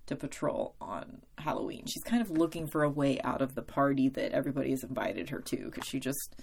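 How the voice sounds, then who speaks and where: A young woman talks on her own podcast in a loose, rambling way, poking fun at herself. Her voice sits low for a woman. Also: a little mellow. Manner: rambling, self-deprecating, with frequent laughs and fillers. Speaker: podcast host. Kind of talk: casual solo podcast commentary.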